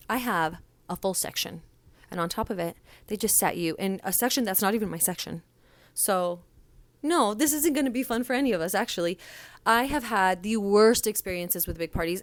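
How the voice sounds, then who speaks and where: A young woman hosts a casual solo podcast and talks in a blunt, sassy way. Her voice sits at an ordinary middle pitch and is recorded dry and close, with no room sound around it. She tells stories with plenty of attitude. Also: no room sound. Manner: blunt, sassy storytelling with lively quoted voices. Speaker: podcast host, restaurant server and former manager.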